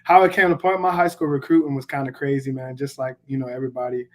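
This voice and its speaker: Laid-back young man, flat voice. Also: mid-range voice, quick pace. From Pittsburgh, US. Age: young adult. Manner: laid-back, fills with "man" and "you know". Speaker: college football player guest. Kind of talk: casual interview answers.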